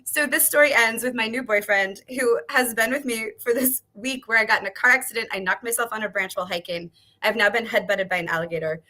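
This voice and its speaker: Her voice is a little high, bright, and forceful, moving at a quick pace with hardly any pauses. This author guest in her thirties spins an animated story over a video call, frequently laughing and cursing as she performs quotes.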